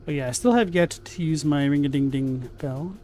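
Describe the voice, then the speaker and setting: A young let's play host with a high-ish, dark-toned voice comments casually on a video game at normal speed, with soft music in the background. He's chatty, reacting aloud as he plays and answering viewers' chat.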